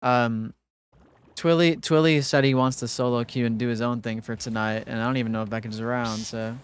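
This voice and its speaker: Relaxed young man chatting on stream. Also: mid-range voice, clean tone. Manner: relaxed, rambling, lots of fillers. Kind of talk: casual livestream chat with viewers.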